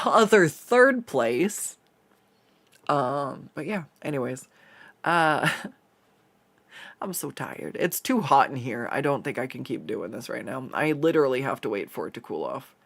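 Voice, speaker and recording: Chatty, fairly high-voiced man. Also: gravelly, a bit bright. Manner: rambling, chatty storytelling with many fillers and laughs. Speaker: artist streaming a drawing session. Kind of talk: casual chat while drawing.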